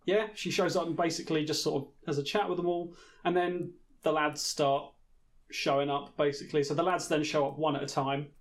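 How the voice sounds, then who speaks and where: A man's voice: a little high, fairly even intonation, a little fast. Man dryly reading out his notes. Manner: dry, reads out notes, stammers and laughs along. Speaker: podcast co-host. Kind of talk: casual comedic chat, recapping from notes.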